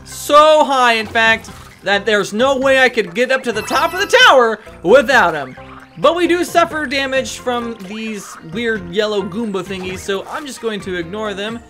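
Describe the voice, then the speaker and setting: Chatty woman doing let's play commentary, high bright voice, jokes at herself. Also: lively intonation, moderate pace, faint music behind. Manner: chatty, rambling and self-mocking. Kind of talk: gameplay commentary.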